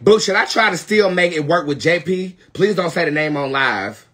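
On this tarot livestream, a young North Carolina man with a Southern accent talks to his audience in a sassy, foul-mouthed manner, shifting from loud outbursts to under-the-breath asides. His husky voice is on the high side and expressive, moving at a normal speed.

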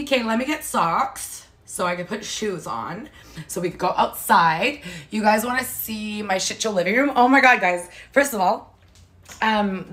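A woman's voice: on the high side, fairly bright tone. A woman chatting casually to her camera at home, rambling through a story and swearing freely. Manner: chatty, rambling, swears freely, retells stories with quoted voices. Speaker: vlogger. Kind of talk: casual vlog chat to camera.

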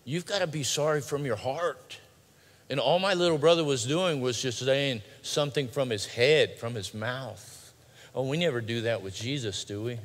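A male pastor preaching a sermon in a large church, swinging between loud urgent pleading and quiet hushed lines. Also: medium pitch, moderate pace. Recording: long hall reverb.

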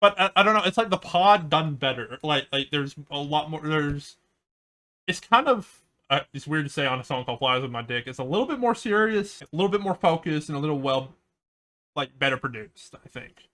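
High-voiced young man reacting to music. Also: expressive, a little fast, bright, forceful tone. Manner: crude, rambling, joking, often laughing. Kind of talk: casual album reaction commentary. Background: album playing in the background.

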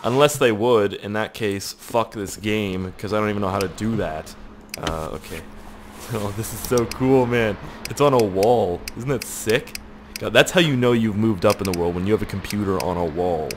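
Canadian dude just woke up, low voice, cussing and hyped while he plays, lots of hiss in the mic. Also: moderate pace. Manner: profane, excitable, talks straight to viewers. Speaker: gaming video host. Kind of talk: casual gameplay commentary.

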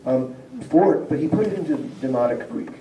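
A professor of Slavic linguistics gives a public lecture in a civic centre lecture room, explaining conversationally and reading out word examples. His voice is on the high side, expressive and brisk, with the highs cut off. The room echoes, he sounds far from the mic, and a faint hum runs underneath.

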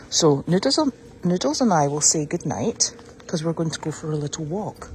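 A woman's voice: sits low, very animated, normal speed, a little mellow, a little hiss or hum. A woman who keeps an animal sanctuary, chatting upbeat in a casual vlog while she walks the paddocks outdoors, filming on a handheld phone. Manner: chatty and upbeat, cooing at her puppy. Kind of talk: casual walk-around vlog. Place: outdoors on a farm, walking the paddocks.

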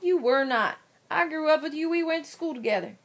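A woman's voice: high voice, expressive, brisk. A woman voicing a blunt, rustic boy cootie who talks in a teasing way. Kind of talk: cartoon voice acting.

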